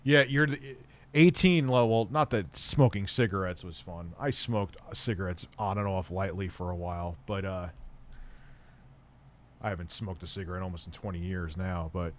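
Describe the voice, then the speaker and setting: A man hosting a livestream, answering viewer questions in a blunt, offhand way and swearing often. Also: low voice. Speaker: livestream host.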